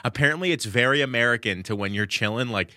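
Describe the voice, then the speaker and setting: A comedian co-hosting a podcast, chatting casually with crude, deadpan teasing. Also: male voice, mid-range voice, quick pace, no echo, studio quality.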